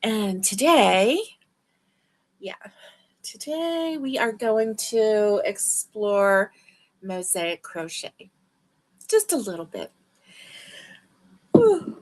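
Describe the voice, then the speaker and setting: Woman, crochet livestream host, tired and yawning, chatty, unhurried. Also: mid-range voice, big pitch swings. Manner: sleepy, chatty, warm greetings to viewers. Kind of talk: casual livestream chat. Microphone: livestream webcam mic.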